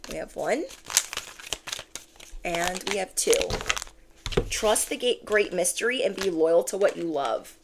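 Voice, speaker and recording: A woman giving a channeled tarot reading, speaking with animated, drawn-out emphasis while shuffling cards. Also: medium pitch, background noise. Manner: animated, drawn-out emphatic phrases, acts out quoted reactions. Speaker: tarot reader.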